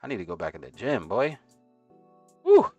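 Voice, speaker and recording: A man's voice: mid-range voice, wildly swooping pitch, normal speed, mellow, no echo, highs cut off. Hyped New York man livestreaming. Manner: hyped, slangy, sings along to music. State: out of breath. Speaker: livestream host, day trader. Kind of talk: casual livestream chat. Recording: faint music playing behind.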